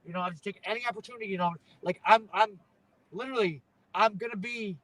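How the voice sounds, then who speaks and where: A man's voice: sits high, quick pace, a bit bright, poor audio. A young man, a pro wrestler, chatting in an interview, rambling and tagging "you know what I'm saying" onto his thoughts. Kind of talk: casual interview chat.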